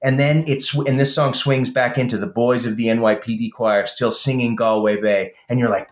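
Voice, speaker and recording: A man's voice: mid-range voice, normal speed, hardly any pauses. A man co-hosting a casual chat, talking with enthusiasm and rambling with lots of fillers. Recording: roomy echo.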